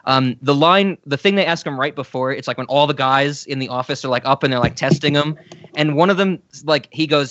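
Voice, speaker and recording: A man's voice: a little high, brisk, a bit bright, lo-fi sound. A man co-hosting a casual podcast, enthusiastic and agreeable while discussing comedy sketches. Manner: enthusiastic, agreeable, frequent backchannels. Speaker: podcast co-host. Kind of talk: casual chat reviewing sketches.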